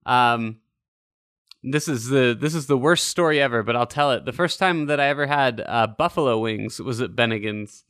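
A man with a bright, crisp, clear voice tells rambling, self-deprecating stories on a casual podcast and swears along the way. The sound is dry and close, with no room echo. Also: medium pitch, normal speed. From Utah. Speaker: podcast host.

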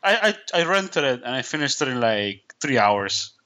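Male co-host, animated bright delivery, stammery, relaxed chat. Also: medium pitch, moderate pace. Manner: stammering restarts, easygoing. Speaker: podcast co-host. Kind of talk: casual chat.

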